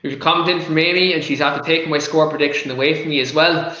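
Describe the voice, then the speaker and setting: A man's voice: a little high, steady tone, fast, sharp tone, dull audio. Fired-up Irish man in an echoey room. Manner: passionate, rants and gets the giggles. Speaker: podcast host. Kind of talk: casual football chat.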